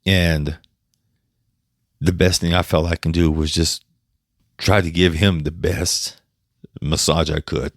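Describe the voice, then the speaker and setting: A man with a very deep, low voice that stays flat and level, sounding dry and close with no room around it. He talks as a podcast host sharing a personal story, halting and emotional, stopping and restarting and swearing now and then. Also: no room sound.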